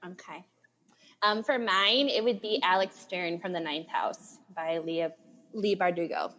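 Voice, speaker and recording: A woman's voice: lowish voice, a little slow, a bit bright. Giggly, enthusiastic woman podcast co-host. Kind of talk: casual book chat.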